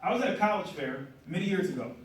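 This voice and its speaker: A middle-aged man delivers a lively motivational talk to a conference crowd, checking in with the audience as he goes. His voice sits a little high and moves quickly. It is recorded from some distance in a very echoey hall. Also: slight background noise. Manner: energetic, asks the room questions. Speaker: conference speaker. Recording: roomy hall audio from a distance.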